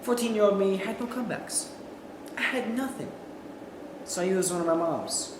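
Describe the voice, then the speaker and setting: A young man, a student, performs a memorized comic monologue in a school hall that echoes with faint background noise. He's animated, shouting as he acts out quotes, and his voice sits high at a moderate pace.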